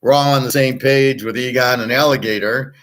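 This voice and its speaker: A man's voice: medium pitch, steady tone, brisk, fairly bright tone. Blunt, profane man ranting casually. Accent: Detroit. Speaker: show host. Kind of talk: casual monologue.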